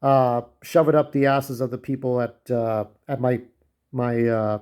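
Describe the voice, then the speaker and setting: A man's voice: medium pitch, fairly even intonation, measured pace, a little mellow, clean tone. A young man delivering an angry, profane personal rant to camera, often repeating himself and restarting sentences. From United States. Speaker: vlogger.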